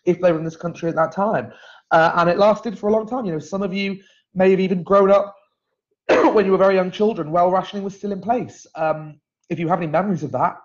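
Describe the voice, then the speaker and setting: A man's voice: fairly high pitch, dull audio. A man hosting a live stream, reading out viewer comments in a chatty, rambling way, full of fillers and self-corrections. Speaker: host.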